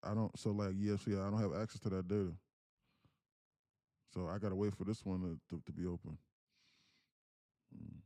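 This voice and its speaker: A man's voice: deep voice, fairly even intonation, brisk, long pauses, mellow, no room sound, clean studio sound. A man live-streaming his day trades, talking casually to his chat and breaking into laughter.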